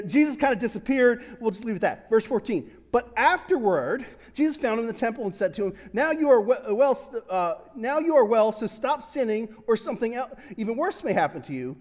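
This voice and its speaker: Joking high-voiced pastor in a hall. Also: male voice. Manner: chatty, joking, laughs often, many restarts. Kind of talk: casual sermon. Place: church sanctuary.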